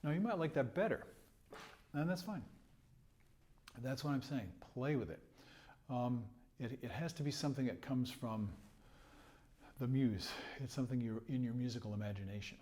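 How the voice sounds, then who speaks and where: Speaking at normal speed with frequent pauses, a man with a mellow mid-range voice teaches trumpet. He's patient about rhythm and phrasing, chuckling between points and occasionally singing rhythms out loud.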